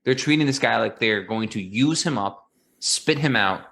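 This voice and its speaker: A man's voice: mid-range voice, animated, normal speed, creaky, pushed and bright. A man co-hosting a casual sports podcast, talking earnestly and emphatically with frequent fillers. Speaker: podcast co-host, football fan.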